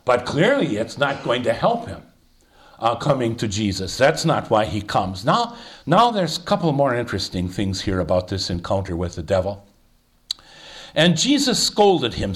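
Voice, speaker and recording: A man's voice: medium pitch, wildly swooping pitch, normal speed. An older man leading an informal Bible study, thinking aloud with many fillers and restarts as he explains a passage. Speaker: Bible teacher.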